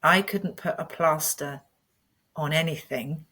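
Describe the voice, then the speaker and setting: Low, husky woman in her fifties. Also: a little slow. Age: 50s. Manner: earnest and candid, animated when retelling. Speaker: podcast guest. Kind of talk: reflective personal storytelling.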